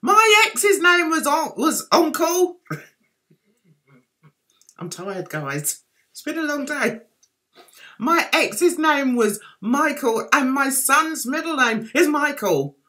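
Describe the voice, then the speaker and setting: A woman's voice: high voice, sing-song, slow, long pauses, bright, forceful tone. A British woman vlogging, gossiping sarcastically with chatty asides. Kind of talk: gossipy commentary vlog.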